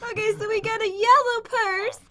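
A woman's voice: extremely high pitch, fairly even intonation, normal speed, fairly bright tone. A woman in casual game chat as co-player, giggly and playful.

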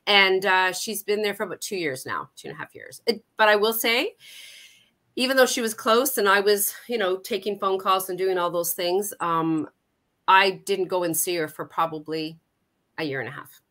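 A woman's voice: medium pitch, normal speed, bright, forceful tone. Candid middle-aged woman telling her story. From Canada. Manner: candid, personal storytelling with frequent self-corrections. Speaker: guest, Alzheimer's support coordinator. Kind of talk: conversational interview.

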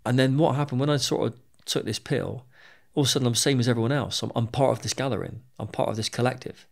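Gravelly man telling his story. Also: mid-range voice, fast. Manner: frank, swears freely, repeats words mid-sentence. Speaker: podcast guest. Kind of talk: candid storytelling interview.

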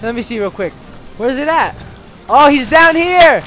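A man in his thirties giving excited let's-play commentary as a dad coaching his son, yelping and shouting at setbacks. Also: extremely high pitch, measured pace, a little hiss or hum. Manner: animated, yelps and shouts at setbacks. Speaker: gameplay video host, dad.

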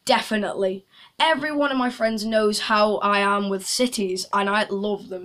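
A woman's voice: medium pitch, normal speed, a bit bright. A young woman chatting casually in a vlog, making jokey asides to viewers. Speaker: YouTuber.

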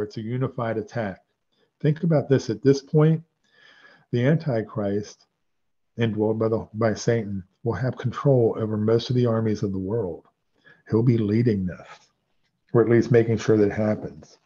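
A man's voice: fairly low pitch, normal speed, mellow, slightly rough, highs cut off. A man giving a conversational, digressive Bible teaching in a video, sometimes correcting himself as he goes.

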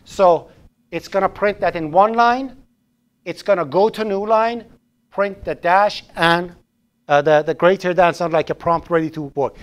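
A man's voice: high-pitched, measured pace. Guy teaching a coding class, rambly, repeats himself, cracks little jokes, live classroom. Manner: chatty, repeats and restarts phrases, joking asides. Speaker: programming instructor.

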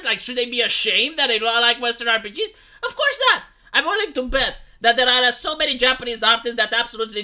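A woman's voice: a little high, bright, forceful tone. A woman streamer giving a mocking, emphatic opinion rant on gaming news, full of sarcasm. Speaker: commentary streamer. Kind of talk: ranting opinion commentary. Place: home streaming setup.

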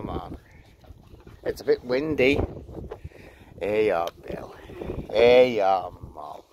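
Slow, gentle man outdoors. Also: mid-range voice. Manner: gentle, coaxing talk to animals. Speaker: vlogger feeding animals. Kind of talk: casual running commentary. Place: outdoors at night in a windy garden. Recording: noisy outdoor recording with wind.

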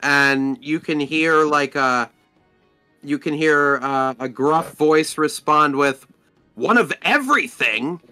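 A man's voice: on the high side, little pitch movement, slow, pushed and bright, clear, resonant tone, soft background music. A man narrating a tabletop game as dungeon master, hesitant, with many fillers and restarts.

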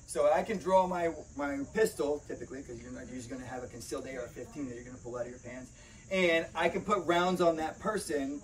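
A man's voice: fairly high pitch, steady tone, fast. A man who trains protection dogs and hosts a podcast, explaining defense in an emphatic, casual teaching style and often checking in with "right?". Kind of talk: casual instructional talk. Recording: slightly distant mic, faint background noise.

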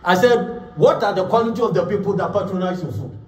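A man's voice: sits high, brisk, darkish tone. A man preaching a sermon as pastor, emphatic, repeating words and acting out quotes. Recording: echoey room, voice from far off.

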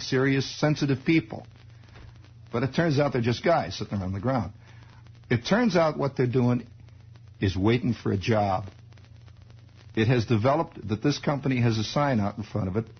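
A man's voice: mid-range voice, husky. An American man in his forties, hosting a radio show with a rambling, wry storytelling monologue full of asides, heard on a dull archival recording. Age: 40s. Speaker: radio host.

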